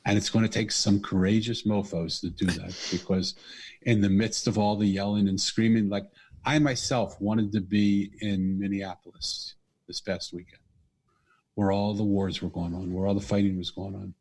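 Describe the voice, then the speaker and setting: Husky lowish-voiced guy, podcast guest telling a story, earnest and animated. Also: moderate pace. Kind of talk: conversational storytelling.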